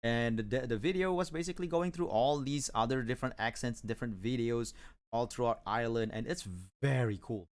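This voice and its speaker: A man's voice: medium pitch, a little fast. A man from Malaysia chatting casually on an art stream, rambling with many restarts. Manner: rambling, many restarts and fillers, chuckles often.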